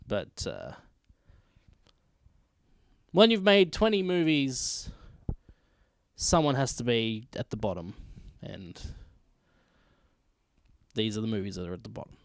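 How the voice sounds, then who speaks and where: A man's voice: medium pitch, no room sound. A man hosting his own video, ranking films in a blunt, emphatic, profane casual rant. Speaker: vlog host ranking films.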